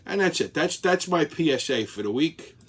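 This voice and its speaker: Guy with a high voice cursing nonstop through a weekly rant. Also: lively intonation, normal speed, fairly bright tone, breathy edge. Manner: profane, angry storytelling. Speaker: show host. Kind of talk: ranting weekly commentary.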